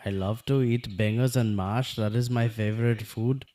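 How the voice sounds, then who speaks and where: A man putting on a cheesy fake British voice, loud and overly formal in a sing-song way. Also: lowish voice, fairly even intonation, normal speed, natural voice. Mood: hammy.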